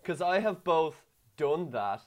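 A man co-hosting a relaxed podcast, telling candid stories. His pitch swings widely as he jumps into high, mocking voices, which makes his delivery animated and expressive. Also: takes it slowly. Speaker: podcast co-host. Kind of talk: casual chat.

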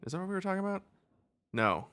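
A man's voice: high voice, sing-song, quick pace, fairly bright tone, smooth, no echo. Dry, rambling male podcast host. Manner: rambling, laughs often, acts out quotes in silly voices. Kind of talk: casual movie review chat.

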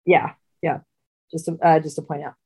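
Woman, lowish pitch, chatty podcast co-host, casual trivia banter. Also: flat delivery, normal speed, mellow, breathy edge. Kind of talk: casual chat and trivia quizzing.

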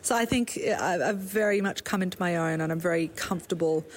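A woman's voice: on the low side, a little fast, a little hiss or hum. Frank chatty Australian woman. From South Africa. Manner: frank, chatty, laughs easily, swears. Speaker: artist guest. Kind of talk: casual interview chat.

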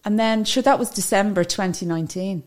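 A woman's voice: medium pitch, brisk, a little mellow. A woman with an Irish accent, a funeral director chatting as a podcast guest, telling her story in a loose, talkative way and laughing easily. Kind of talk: casual chat.

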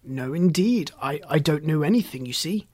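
Reader doing a husky, humble straw scarecrow, polite and confiding, for a storybook audiobook. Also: medium pitch, animated, normal speed, lightly acted. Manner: polite, soft-spoken, confiding.

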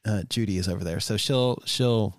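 A man's voice: on the low side, moderate pace, dry recording, studio quality. An American man co-hosting a podcast, joking playfully and stumbling over fillers. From United States. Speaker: podcast co-host. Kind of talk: casual podcast chat.

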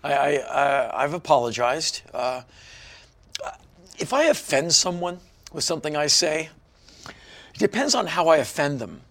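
A man's voice: a little high, unhurried, pauses often, fairly bright tone. A man in his fifties from Washington, D.C., a guest in a casual interview, telling stories with animation and acting out other people's lines. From Washington, D.C., USA. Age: 50s.

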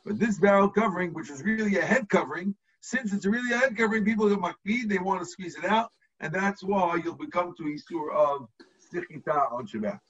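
A rabbi teaches his class over a video call, walking through the text step by step and checking that everyone follows. His voice sits high and husky. The sound is distant and muffled. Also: brisk, a bit bright. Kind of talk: explaining a text to students.

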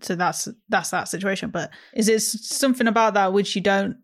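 A woman hosting a casual chat, asking gentle, probing questions. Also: medium pitch, brisk.

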